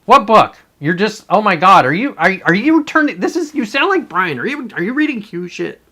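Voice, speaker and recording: A man's voice: high voice, very animated, normal speed, pushed and bright. A man hosting a casual live stream, rambling and swearing as he reads chat comments aloud and reacts to them.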